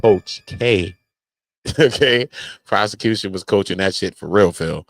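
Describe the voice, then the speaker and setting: A man giving casual online commentary, animated and slangy, often breaking into mocking impressions. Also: deep voice, slow pace, creaky, no echo, faint music behind.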